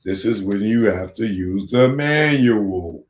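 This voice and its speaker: A comedian hosting a live stream talks at an unhurried, laid-back pace. He rambles casually while fiddling with a gadget. The room around him is roomy and echoey. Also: on the low side, expressive. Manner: casual, rambling, unpacks and tries out gadgets on camera. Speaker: comedian host. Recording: roomy echo.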